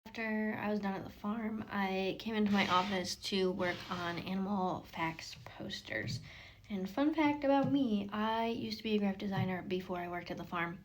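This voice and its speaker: A young woman who works on a farm, talking casually through a vlog in a rambling way that often drops to a whisper. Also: mid-range voice. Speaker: farm worker vlogger. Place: outdoors on a farm, later an office.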